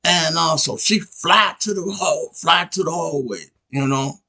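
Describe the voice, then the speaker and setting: Gravelly, bright-voiced man telling a story. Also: fairly high pitch, a little slow. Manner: rambling, conversational, many "you know what I'm saying" asides. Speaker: podcast host. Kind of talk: casual storytelling.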